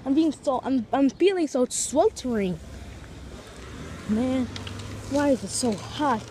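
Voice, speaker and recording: A woman's voice: high voice, animated, slow pace, dark tone, a little hiss or hum. A woman vlogging while walking outdoors, chatting to viewers and piling on big vocabulary words. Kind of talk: casual walking vlog. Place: outdoors on streets and in a park.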